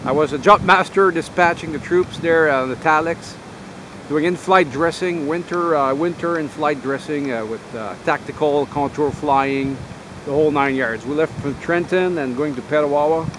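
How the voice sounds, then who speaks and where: Rambling veteran man, windy outdoor take. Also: a little high. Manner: rambling, halting, full of uh and um. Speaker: army veteran vlogger. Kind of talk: casual storytelling to camera.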